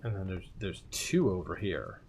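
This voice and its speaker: A man's voice: low voice, big pitch swings, normal speed, a little mellow, slight background noise. A man streaming a video game, thinking aloud and musing in casual commentary.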